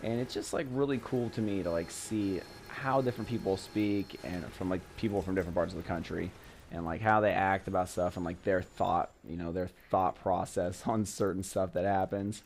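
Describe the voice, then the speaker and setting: With a little hiss or hum in the recording, a young West Coast vlogger from Portland, Oregon, speaks in a low-pitched, steady, darkish voice at normal speed. He's on a work trip, rambling through casual travel vlog chat full of "like" and "you know."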